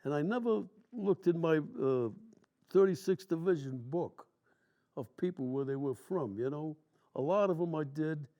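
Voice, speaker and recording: A man's voice: a little high, normal speed, dull audio. A man in his nineties, a war veteran, telling long stories from memory in plain, rambling, colloquial speech during an interview. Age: 90s.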